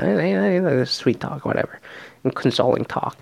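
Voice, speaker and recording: A man casually recapping a reality show in a profane, sarcastic, animated rant. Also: medium pitch, normal speed, creaky, no echo.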